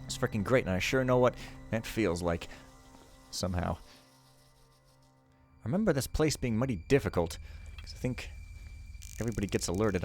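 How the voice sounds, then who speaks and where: A man's voice: medium pitch, lively intonation, fairly quick. A man giving rambling, jokey, self-mocking commentary while playing through a game. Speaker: let's play host. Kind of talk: casual gameplay commentary.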